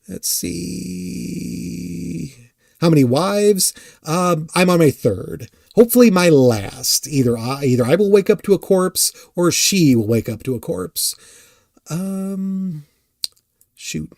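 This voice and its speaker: A man casually answering chat on a live stream, rambling and halting, often self-deprecating. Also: on the high side, creaky, a little mellow, no echo, studio quality.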